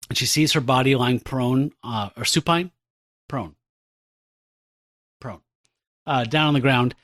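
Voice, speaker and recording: A man's voice: medium pitch, a little slow, pauses often, fairly bright tone, no room sound, studio quality. A male podcast co-host chatting casually about a comic, adding wry asides. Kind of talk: casual comic-book discussion.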